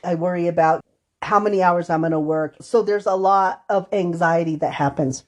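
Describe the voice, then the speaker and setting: A woman's voice: fairly low pitch, normal speed, a little mellow. A woman co-hosting a podcast conversation, a counselor who talks casually and acts out short quotes from her clients. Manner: conversational, tells anecdotes with acted-out quotes. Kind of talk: casual chat.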